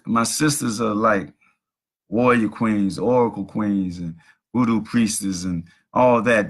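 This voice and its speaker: A middle-aged man hosts a casual livestream from his home. He talks in a rambling, preachy way, telling stories as they come to him. His voice is gravelly and husky. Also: lowish voice. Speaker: host.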